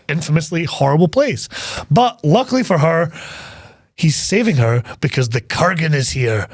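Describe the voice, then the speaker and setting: A man's voice: medium pitch, a little mellow, dry recording, clean studio sound. A man co-hosting a casual film podcast, recapping scenes in a rambling way, swearing often and laughing as he goes. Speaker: podcast co-host.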